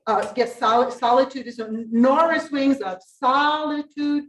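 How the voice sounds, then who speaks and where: A woman's voice: high-pitched, moderate pace, slight background noise. A woman directing a choir rehearsal, coaching the singers and singing short phrases to show how they should go. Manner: sings phrases to demonstrate, animated coaching. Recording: roomy rehearsal hall, from far off.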